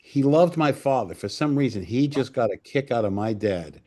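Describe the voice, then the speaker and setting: A man's voice: mid-range voice, animated, moderate pace, a little mellow. A man in his sixties from Port Chester, New York, a filmmaker guest telling salty anecdotes in a casual interview and acting out other people's lines.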